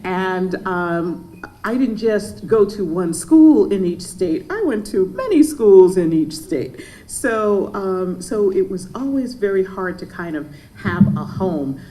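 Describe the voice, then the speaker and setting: A woman's voice: mid-range voice, very animated, slow, dark tone, rough recording. A woman author on a panel recalling her childhood, starting hesitantly with many fillers. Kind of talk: personal anecdote on a panel.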